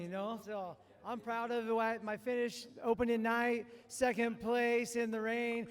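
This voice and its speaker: Rambling race driver man, high voice. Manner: rambling, repeats "you know what I mean".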